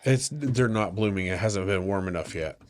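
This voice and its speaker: A man with a stuffy cold, chatting playfully with his partner as a podcast co-host. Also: moderate pace. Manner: playful, teasing, bursts into high sung mock-screams. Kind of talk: casual couple chat.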